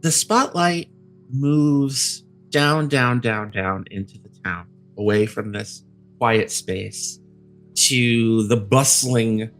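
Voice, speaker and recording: A man's voice: on the low side, fairly bright tone. Guy running a tabletop game, loose and rambly, music under it. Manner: casual, rambling, many fillers. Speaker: game master.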